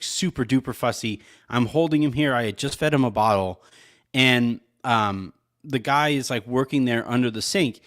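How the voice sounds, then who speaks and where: A man in casual podcast chat, telling a story at a mid-range pitch. He rambles, fills gaps with "like" and laughs often. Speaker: podcast co-host.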